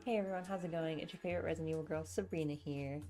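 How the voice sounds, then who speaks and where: A woman's voice: deep voice, fairly even intonation, very fast, warm tone, faint music behind. A young woman streaming as she reads a novel aloud and chats with viewers in a rambling, easygoing way. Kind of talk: casual live stream chat and book reading.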